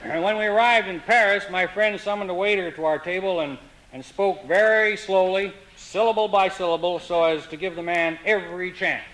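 A man telling comic stories in a dry, wry, deadpan way. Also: high-pitched, moderate pace, slight background noise, rough recording. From Canada. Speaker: humorist. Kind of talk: comic storytelling.

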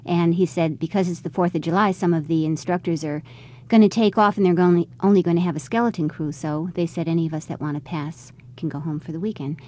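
Speaking quickly with few pauses, a middle-aged mother shares a family story in an interview and re-enacts the dialogue along the way. Her fairly low voice is mellow, with mostly even intonation, and her manner is conversational.

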